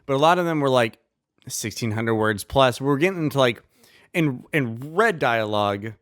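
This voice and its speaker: A man's voice: mid-range voice, lively intonation, normal speed, a bit bright. Playful young man, bouncy voice. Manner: jokey, playful banter. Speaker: podcast co-host. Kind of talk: casual podcast chat.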